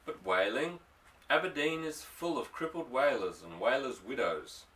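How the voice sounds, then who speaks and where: A man reads an anxious young woman in an audiobook, her lines gloomy and sharp, in a bright, forceful voice. The voice sits a little away from the mic. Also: medium pitch, lively intonation, measured pace, far from the mic, poor audio. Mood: worried. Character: young Scottish woman, worried and sharp-tongued.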